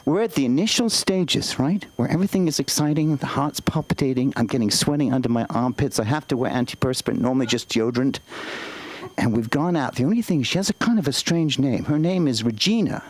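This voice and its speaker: A man's voice: medium pitch, expressive, fairly quick, poor audio. A man doing open-mic stand-up, chatty, rambling and self-deprecating. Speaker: stand-up comic.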